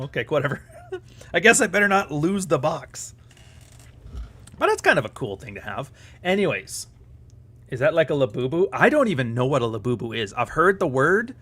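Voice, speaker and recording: A man's voice: a little high, fairly bright tone. Profane, rambling live-stream host man. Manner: profane, sarcastic, rambling, quick to laugh.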